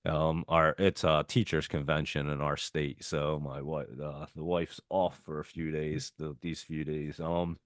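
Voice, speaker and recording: A man's voice: rumbling low, flat delivery, a little slow, few pauses, no room sound, studio quality. A middle-aged man hosting a live market show, telling a long story in a rambling, casual way, with laughs and swearing. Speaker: stock market show host.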